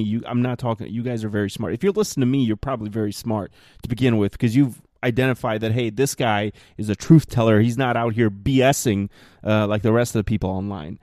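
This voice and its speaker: A man's voice: mid-range voice, warm tone, dry recording, clean studio sound. A man in his thirties hosting a solo podcast, ranting bluntly with exasperated, mocking jabs. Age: 30s. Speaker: podcast host.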